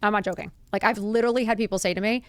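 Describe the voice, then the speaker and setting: A woman's voice: racing, clean tone, no room sound. A woman in her fifties hosting a podcast, talking candidly and bluntly to her listeners in a confiding way. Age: 50s. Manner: blunt, confiding, animated with laughs and high put-on quotes. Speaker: podcast host. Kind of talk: candid solo podcast talk.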